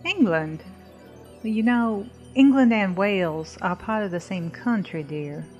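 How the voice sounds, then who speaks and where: Actress as a sweet older church lady, lively sing-song voice, syrupy endearments, radio drama. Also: medium pitch, measured pace, faint music behind, close to an everyday voice. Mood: knowing. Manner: sugary, calls the visitor dear and honey. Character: sweet older woman, a doting churchgoing hostess. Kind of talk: audio drama acting.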